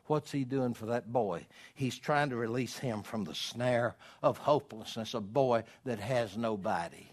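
A man preaching a sermon as pastor, swinging from loud calls to quiet storytelling. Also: medium pitch, measured pace, hardly any pauses. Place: church.

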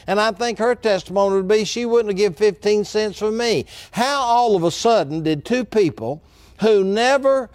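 A middle-aged man preaching a sermon as a pastor. He talks earnestly, slows down for emphasis and repeats key phrases. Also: high-pitched, dry recording.

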